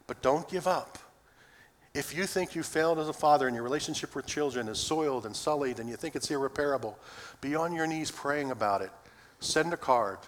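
A man's voice: a little high, fairly quick. A middle-aged man preaching a sermon to his congregation in a folksy, earnest way. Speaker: pastor. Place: church sanctuary. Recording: reverberant church hall.

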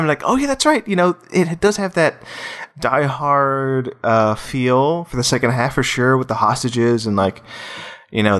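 A man hosts a relaxed film podcast at an ordinary, middle pitch. He wanders through his thoughts, doubles back and restarts sentences, and keeps his talk loose and conversational. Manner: rambling, full of restarts and "you know". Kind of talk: casual film-discussion chat.

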